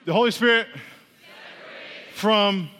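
High-voiced preacher leading call-and-response. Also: male voice, slow pace, a bit bright, slight background noise. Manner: playful, teasing the congregation, leading repeat-after-me chants. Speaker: pastor. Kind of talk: interactive sermon with call-and-response. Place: church hall. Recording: long hall reverb.

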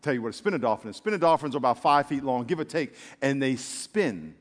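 A man preaching a sermon to his congregation, animated and joking, calling them y'all and acting out little voices. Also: mid-range voice, fast talker. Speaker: pastor. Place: church. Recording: long reverb of a large hall.

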